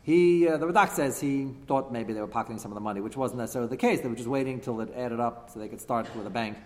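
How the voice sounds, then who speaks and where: A man teaching a text class, animated and emphatic, firing rhetorical questions at his students. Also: mid-range voice, fast, long reverb tail. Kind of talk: classroom lecture with discussion.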